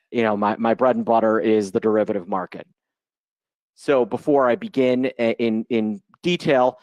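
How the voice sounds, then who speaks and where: A Chicago man in his forties, an options trader appearing as a guest presenter, gives a loose, joking, unscripted live webinar talk over a video call mic. His voice sits on the low side with a darkish tone, and there's no room sound.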